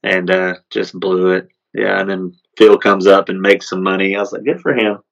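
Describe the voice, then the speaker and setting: A man co-hosting a podcast, talking sports in a relaxed, rambling way with lots of fillers. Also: deep voice, moderate pace, creaky, dull audio. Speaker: podcast co-host. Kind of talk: casual sports chat.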